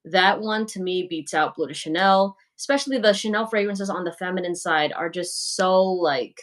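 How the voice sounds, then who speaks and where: A young woman with a fairly low voice speaks at normal speed while hosting a livestream. She answers viewers' comments casually and frankly, sprinkling in plenty of "like" and "you know."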